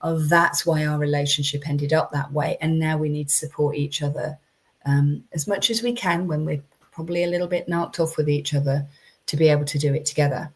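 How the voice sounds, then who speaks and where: Low-voiced woman parenting coach. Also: fairly quick. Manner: conversational, chatty, frequent ums and restarts. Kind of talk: live-streamed advice talk.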